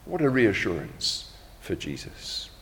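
A middle-aged man preaching a sermon in a measured, reflective way, slowing down when he quotes scripture. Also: fairly low pitch, sing-song, a bit bright, long reverb tail.

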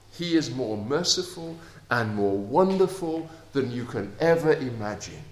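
Male preacher, slow and earnest, moves between hushed and emphatic, roomy echo. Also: animated. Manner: earnest, swings between soft intimate lows and emphatic raised passages. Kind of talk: sermon. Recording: echoey room.

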